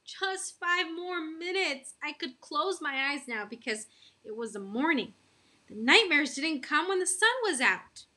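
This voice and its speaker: Woman reading a children's book aloud, friendly, bright tone, a bit high. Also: animated, a little slow. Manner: friendly, questioning listeners.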